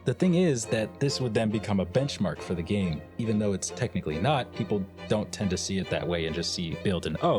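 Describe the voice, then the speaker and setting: Young man, devlog narration, self-mocking jokes, fairly low voice. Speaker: game developer narrating a devlog.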